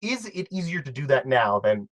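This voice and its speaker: Co-host, male, excitable and rambling with many restarts, medium pitch, recorded dry. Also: normal speed, no echo. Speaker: co-host and video editor. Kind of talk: casual commentary chat.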